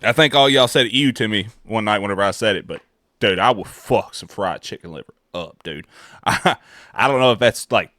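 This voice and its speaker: Laughing Southern man, bright voice. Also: on the low side, moderate pace, dry recording, clean studio sound. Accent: Southern American. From American South. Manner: profane, laughing, rambling. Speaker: streamer reacting to a video. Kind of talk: casual reaction commentary.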